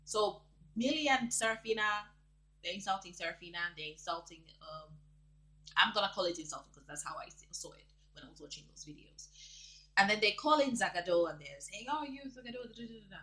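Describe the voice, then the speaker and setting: A young woman from Zambia, talking through online gossip in an animated, dramatic way and laughing often. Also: lowish voice, brisk, poor audio. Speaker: vlogger. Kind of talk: casual gossip commentary.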